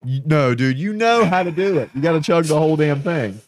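A man's voice: a little high, lively intonation, fairly quick, no echo, studio quality. Teasing, laughing podcast co-host man. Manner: teasing, laughing, casual swearing. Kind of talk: casual comedic chat.

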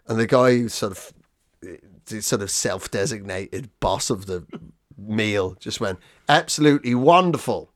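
A man's voice: on the low side, fairly even intonation, unhurried. A man co-hosting a comedy podcast who tells stories in casual chat and acts out the people in them. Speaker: podcast co-host.

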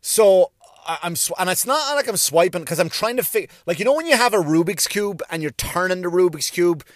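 A man's voice: high-pitched, animated, brisk, no room sound, clean studio sound. A middle-aged Irish man doing a stand-up routine, rambling, profane and self-mocking, with many restarts. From Ireland. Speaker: stand-up comedian.

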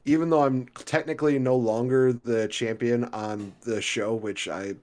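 A man's voice: mid-range voice, steady tone, moderate pace, darkish tone. A man in his twenties co-hosting a podcast in casual, chatty talk, laughing between remarks. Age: 20s. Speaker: podcast co-host. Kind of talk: casual chat.

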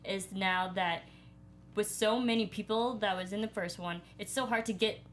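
A woman's voice: mid-range voice, fairly even intonation, normal speed, fairly bright tone, slight background noise. A woman on a casual film review panel, gushing with enthusiasm.

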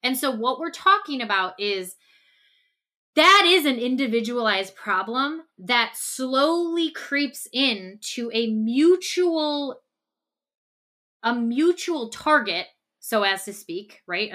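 A woman's voice: on the high side, animated, slow, sharp tone. A woman co-hosting a relationship podcast, talking through a hypothetical scenario and often checking in with "okay?" and "right?". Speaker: podcast co-host.

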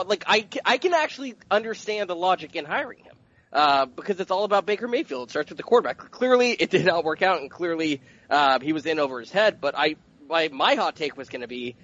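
Quick-talking male panelist, numbers-driven, muffled remote line. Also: on the high side, fairly bright tone. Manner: rapid, stat-heavy. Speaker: podcast panelist. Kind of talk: casual sports podcast chat. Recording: lo-fi remote audio.

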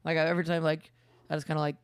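A man's voice: a little high, little pitch movement, very fast, clean tone, dry recording. A young man chatting casually on a podcast, rambling and laid-back, swearing freely and laughing often. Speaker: comedian moving to a big city. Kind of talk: casual chat.

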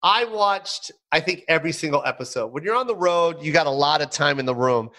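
A middle-aged man, a guest on an interview show, telling stories in an animated way with playful mock outrage. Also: on the high side, fairly quick. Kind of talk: casual interview chat.

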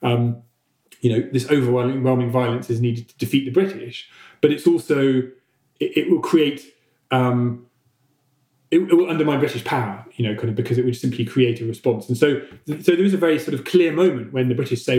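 Halting man explaining in an echoey room. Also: mid-range voice, warm tone. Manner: halting, many fillers and restarts. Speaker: historian answering listener questions. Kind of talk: unscripted podcast explanation.

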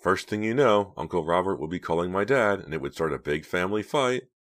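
A man's voice: low voice, expressive, brisk, a bit bright, voice pushed up. A man voicing a bitter teenage girl, raised voice. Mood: resentful. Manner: heated, bitter. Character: teenage girl, angry and resentful.

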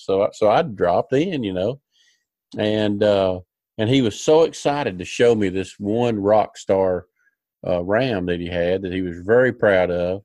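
A man's voice: fairly low pitch, unhurried, darkish tone, no echo. A man hosting a podcast, telling a rambling, folksy story with many fillers and restarts. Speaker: podcast host. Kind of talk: casual storytelling chat.

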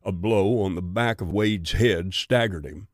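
A man narrating a western audiobook in a measured, steady reading. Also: sits low, no echo, clean studio sound.

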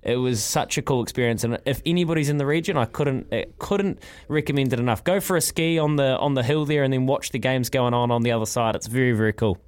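A man's voice: medium pitch, fast, clear, resonant tone. Male NZ breakfast host, casual and rambling, keen, plenty of false starts. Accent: New Zealand. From New Zealand. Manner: rambling, enthusiastic, many restarts. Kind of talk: casual radio chat.

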